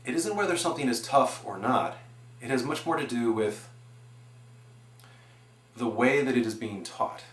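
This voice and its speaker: A man in his forties giving an earnest, animated presentation on education, building his points with examples. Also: mid-range voice, normal speed, pauses often. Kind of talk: explanatory presentation. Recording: echoey room.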